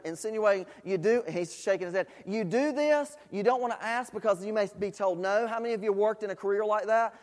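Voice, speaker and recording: A man with a high voice preaches to his congregation, talking easily with plenty of "uh"s and "you know"s. Now and then he pushes a question hard at the room. His words ring out with a long trailing reverb in the church hall. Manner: conversational preaching with frequent fillers, rising to emphatic questions. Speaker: pastor. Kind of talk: sermon. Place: church sanctuary.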